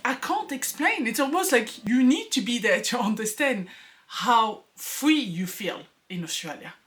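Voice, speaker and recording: Chatty woman vlogger, soft music behind. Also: mid-range voice. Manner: chatty, earnest, with frequent laughs and fillers. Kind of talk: casual personal vlog talk.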